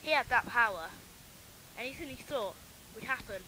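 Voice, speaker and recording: A woman's voice: fairly high pitch, expressive, normal speed. A woman reading her own homemade story in plain, earnest first-person narration. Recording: noisy home recording.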